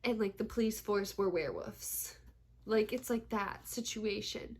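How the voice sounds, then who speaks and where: A woman's voice: mid-range voice, unhurried. A young woman chatting casually at home in a book vlog, gushing, swearing freely and laughing often. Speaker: book vlogger. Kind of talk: casual reading vlog chat.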